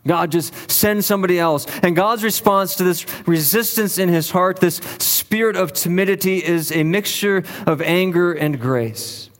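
A man's voice: sits high, big-room sound. A male pastor preaching a sermon in an earnest, emphatic way, leaning on repeated phrases for weight.

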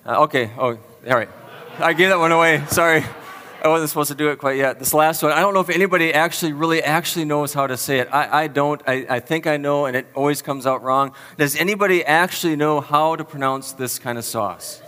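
Bright-voiced pastor in a reverberant hall. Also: male voice, fairly high pitch, a little fast. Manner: chatty and self-deprecating, asks the audience questions. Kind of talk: sermon with a playful word quiz. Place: church hall with an audience. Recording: long reverb of a large hall.

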